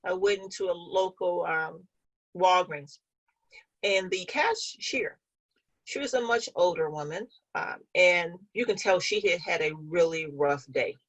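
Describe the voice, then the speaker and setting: A woman's voice: on the low side, normal speed, rough recording. A woman guest in an interview, telling a personal story in an earnest, conversational way and speaking with conviction.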